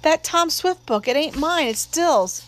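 A woman's voice: high-pitched, expressive, unhurried, voice pushed up. A woman doing a frightened little girl. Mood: worried. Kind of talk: audiobook reading.

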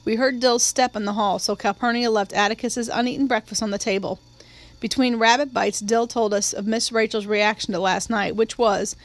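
A woman giving a steady, measured audiobook narration of a novel. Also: fairly high pitch. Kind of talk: scripted narration.

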